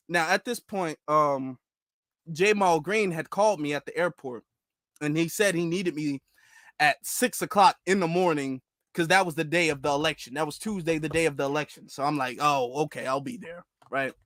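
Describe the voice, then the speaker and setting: A young man vlogging, telling a story casually to camera in an animated, laughing way with loose slang. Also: fairly high pitch, no room sound, studio quality.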